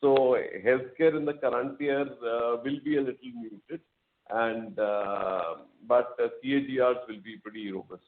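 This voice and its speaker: A man, a company executive explaining results to analysts in a measured way, with frequent fillers. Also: mid-range voice, fairly even intonation. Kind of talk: earnings call answers. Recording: tinny phone line.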